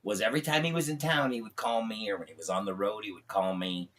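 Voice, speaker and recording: A man in his fifties, a comedian guest telling animated stories in casual podcast chat, with lots of fillers and restarts. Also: lowish voice, quick pace. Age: 50s. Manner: animated anecdotes, acts out quoted voices, frequent fillers and restarts.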